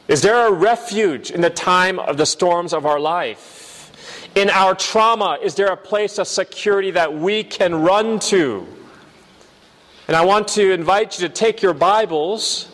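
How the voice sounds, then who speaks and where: Animated male preacher in a reverberant hall. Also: high-pitched, measured pace. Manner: animated storyteller, bleats like a lamb. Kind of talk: storytelling sermon.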